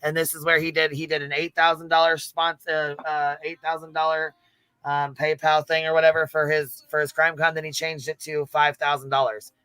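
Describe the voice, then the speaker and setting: Bright, blunt male livestream host. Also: fairly high pitch, little pitch movement, fairly quick, smooth, no room sound. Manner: blunt and profane, reads screenshots aloud. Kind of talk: livestream panel hosting.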